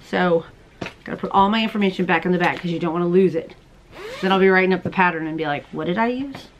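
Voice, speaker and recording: A woman in her thirties hosting a crochet and knitting podcast, chatting casually to camera at home, bubbly and quick to laugh. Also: fairly low pitch, steady tone, muffled recording. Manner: chatty, bubbly, laughs often, talks to viewers as "you guys". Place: at home, indoors.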